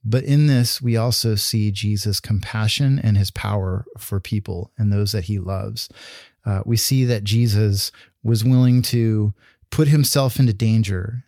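A man's voice: on the low side, mellow, dry recording, clean studio sound. A man preaching a sermon in an earnest, conversational way, with restarts and fillers. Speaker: pastor.

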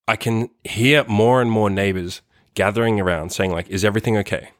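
A man's voice: on the low side, steady tone, a little slow, no room sound, clean studio sound. A man telling a personal story in a rambling, casual way, swearing often and filling his speech with "like" and "right?". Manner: rambling, profane, heavy use of "like" and "right?".

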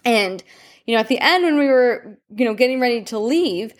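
A woman's voice: fairly high pitch, animated, moderate pace. A woman nutrition coach hosting her own podcast, telling a personal story in a chatty, meandering way.

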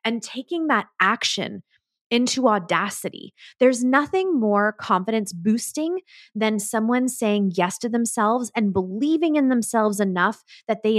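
A woman's voice: mid-range voice, no echo. An enthusiastic woman delivers a solo podcast monologue with emphatic, motivational energy. Her voice is recorded dry and close, with no room sound around it. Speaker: podcast host and business coach.

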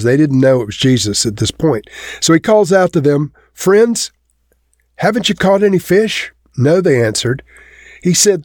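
A man's voice: dark tone, dry recording. Male preacher, conversational sermon delivery, dry close-mic sound. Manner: conversational, lifts pitch for quoted lines.

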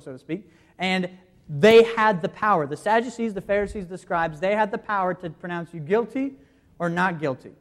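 A preacher giving a sermon, walking listeners through scripture passages and posing rhetorical questions to the congregation. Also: mid-range voice.

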